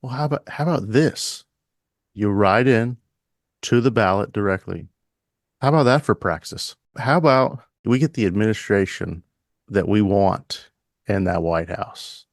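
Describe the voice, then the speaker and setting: A man co-hosting a podcast, chatting casually and riffing in a deadpan mock-announcer manner. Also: lowish voice, a little slow, no room sound, clean studio sound. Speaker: podcast co-host.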